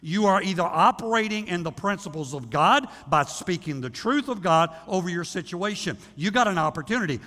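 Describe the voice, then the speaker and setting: A male pastor preaching a sermon in a church, animated, often acting out the voices of people praying. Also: sits high, a little fast, hardly any pauses. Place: church sanctuary. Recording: long hall reverb.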